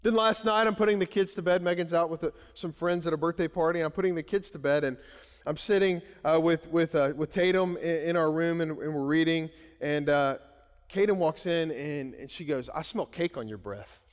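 A man's voice: fairly high pitch, fairly even intonation, brisk, smooth, big-room sound. A male pastor in his thirties, preaching a conversational sermon full of anecdotes and restarts. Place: church sanctuary.

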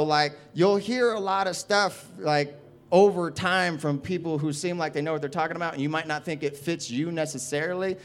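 Animated, profane comedian telling a story. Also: male voice, on the high side. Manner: profane, animated, acts out other people's voices. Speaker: stand-up comedian.

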